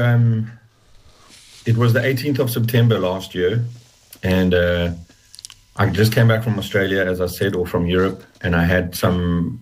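A man telling his personal story as an interview guest, halting and reflective with many restarts, close to tears. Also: deep voice, a little hiss or hum, poor audio.

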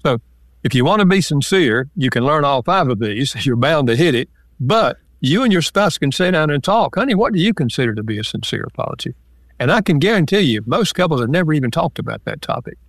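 Calm man explaining with examples. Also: on the high side, brisk, no room sound. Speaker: author and marriage counselor guest. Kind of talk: relaxed interview talk.

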